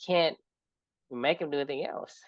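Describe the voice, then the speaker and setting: A man from Vietnam talks in a halting, reflective way, breaking off and restarting his sentences. His pitch is middling. The recording is dry but a little dull and lo-fi. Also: no room sound. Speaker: podcast co-host. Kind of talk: casual chat.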